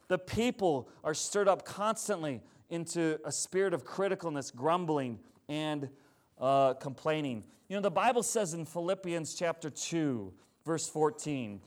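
A middle-aged male pastor preaching a sermon in a conversational, joking, animated way. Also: a little high, unhurried.

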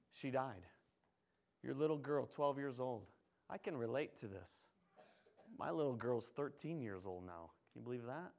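Gravelly, slightly high-voiced male pastor. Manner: animated, conversational storytelling, swings from hushed to loud. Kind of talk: sermon. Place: church.

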